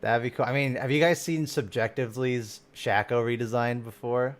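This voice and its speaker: A man streaming live and reacting to game content in casual chat, excitable and swearing freely, often trailing off and restarting. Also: mid-range voice, moderate pace.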